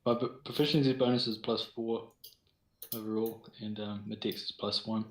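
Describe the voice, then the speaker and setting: A man's voice: fairly low pitch, fairly even intonation, normal speed. A man with a New Zealand accent playing a tabletop game casually, unsure and trailing off as he works out his rolls. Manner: hesitant, trailing off mid-sentence. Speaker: player. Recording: echoey room.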